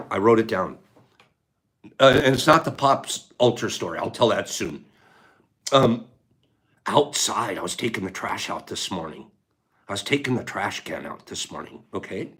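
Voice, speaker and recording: A man hosting a casual livestream, chatting to viewers in an animated way and laughing often. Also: lowish voice. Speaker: livestream host.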